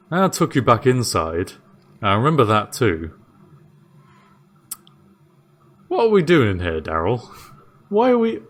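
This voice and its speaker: Here is a man voicing a mellow, tipsy village jailer who rambles in a chatty way. His voice sits higher than the narrator's own low one. He keeps dropping "mate" into his talk. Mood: puzzled. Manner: chatty, says "mate" a lot.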